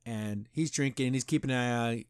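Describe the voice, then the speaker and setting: A man's voice: mid-range voice, brisk, clear, resonant tone, dry recording, studio quality. A man hosting a podcast, chatting casually and animatedly as he reviews an episode and retells its scenes. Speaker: podcast host.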